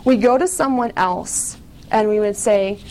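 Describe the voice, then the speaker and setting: A woman's voice: mid-range voice, measured pace, darkish tone, a little hiss or hum. A woman giving a casual personal testimony to an audience, candid and chatty, full of "like" and small laughs at herself.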